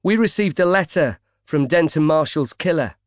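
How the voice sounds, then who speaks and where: A man puts on a sharp-tongued female newspaper reporter for an audiobook, her voice raised high and insistent. She talks in a pointed, pressing way, with no softness in it. The recording is dry and close. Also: lively intonation, normal speed, dry recording, close to an everyday voice.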